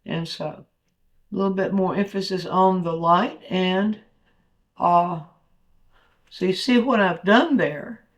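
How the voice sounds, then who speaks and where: High-voiced man teaching while painting. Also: slow, long pauses. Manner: thinks aloud while painting, with fillers and restarts. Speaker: painting instructor. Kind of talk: painting demonstration talk.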